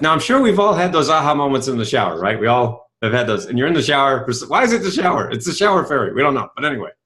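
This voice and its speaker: A middle-aged man giving a motivational talk, telling a story and acting out dialogue, with many rhetorical questions. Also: on the high side. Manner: animated storytelling, acts out dialogue; asks rhetorical questions, says "right?" often. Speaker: self-help speaker.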